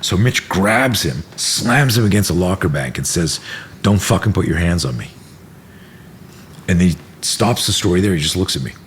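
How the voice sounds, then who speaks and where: A middle-aged man with a very low, deep voice spins a story in a relaxed interview, jumping into other people's voices and swearing freely. A faint room hum sits behind him. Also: normal speed. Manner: animated storyteller, acts out quotes, swears freely. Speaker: self-defense instructor, podcast guest.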